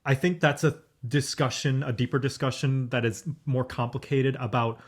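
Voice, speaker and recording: A man's voice: mid-range voice, steady tone, moderate pace. Chatty young man giving opinions. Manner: chatty and opinionated, many fillers like "like" and "um". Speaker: podcast co-host. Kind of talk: casual chat, movie review.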